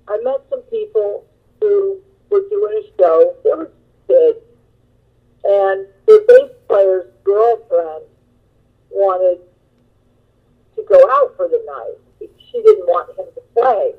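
A woman guitarist being interviewed, telling stories in a chatty, animated way with lots of fillers. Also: medium pitch, slow pace, long pauses. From Long Beach, California. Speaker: guest musician, guitarist. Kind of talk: interview storytelling. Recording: tinny phone line.

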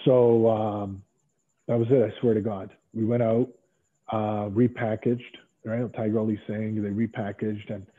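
A former pro wrestler as an interview guest, telling rambling stories in casual chat with lots of fillers and restarts, heard over a tinny phone-like line. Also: male voice, fairly low pitch, flat delivery, measured pace. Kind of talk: casual storytelling.

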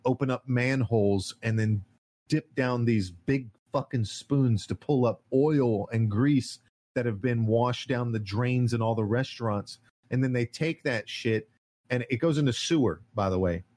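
A man's voice: medium pitch, measured pace, a little mellow. Guy going off on a heated profane rant, podcast vibe. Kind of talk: casual political rant.

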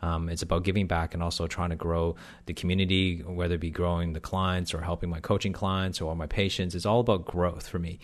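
A man's voice: low-pitched, level tone, fairly quick, few pauses. A man co-hosting a podcast, chatting casually with frequent restarts and fillers. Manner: rambling, many restarts and fillers. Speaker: podcast co-host, health professional.

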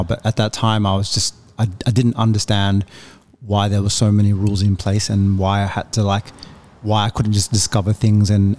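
Male guest, thirties, low voice, candid storyteller who swears freely. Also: a little mellow. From Australia. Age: 30s. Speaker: podcast guest, music manager. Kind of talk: casual conversation.

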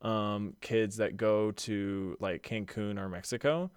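A man's voice: on the low side, fairly even intonation, slow pace, clear, resonant tone, no room sound, studio quality. A young man co-hosting a podcast, chatting casually and rambling with many fillers and swear words. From Utah, USA. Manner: rambling, lots of fillers and profanity. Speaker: podcast co-host. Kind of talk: casual chat.

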